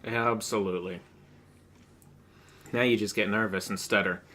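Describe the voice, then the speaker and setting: A man co-hosting a podcast in casual chat, making slow, wry teasing jokes. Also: on the low side, fairly even intonation, pushed and bright. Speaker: podcast co-host.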